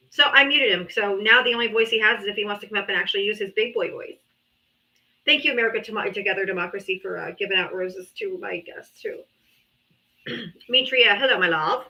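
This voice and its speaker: A woman's voice: medium pitch, fast talker, sharp tone. A woman hosting a live political talk, blunt, offhand and profane, on dull lo-fi audio. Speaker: host.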